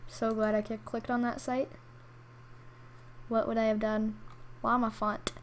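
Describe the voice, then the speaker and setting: A woman's voice: a little high, flat delivery, unhurried, loud music behind the voice. A woman giving playful, jokey commentary as a gaming YouTuber, with mumbled asides as she clicks around websites. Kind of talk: casual commentary while browsing.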